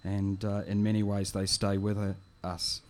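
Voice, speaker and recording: A man reading his poetry and introducing it in a quiet, gentle, reflective way. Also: on the low side, completely flat delivery, moderate pace. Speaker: poet.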